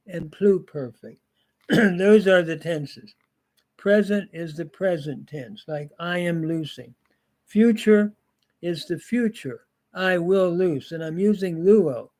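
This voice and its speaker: An older man teaching a grammar lesson, drilling word forms slowly with pauses and fillers. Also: on the high side, a little mellow. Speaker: Greek teacher.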